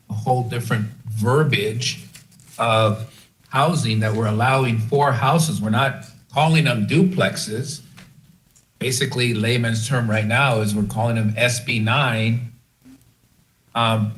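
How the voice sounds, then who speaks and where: A man on a city council, politely asking halting, informal questions at a meeting. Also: medium pitch, fairly bright tone, rough recording.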